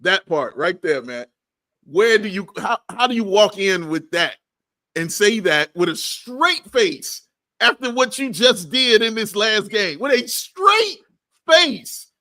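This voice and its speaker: A man with a very high, bright voice rants on a sports talk show. He sounds fired up and keeps hammering the same phrases over and over. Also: slow. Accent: Chicago. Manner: animated, ranting, repeats phrases for emphasis. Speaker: sports podcast co-host.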